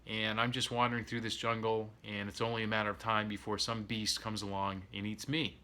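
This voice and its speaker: A man's voice: fairly low pitch, flat delivery, a little fast, sharp tone. A man voicing a weary old donkey in a spoken folk tale, resigned and tired.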